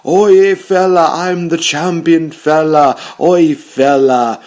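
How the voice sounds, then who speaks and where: A man doing a boastful male wrestling champion with a mock Australian-Irish accent, loud and blustery. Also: fairly high pitch, fairly even intonation, takes it slowly, pitched above the performer's own voice.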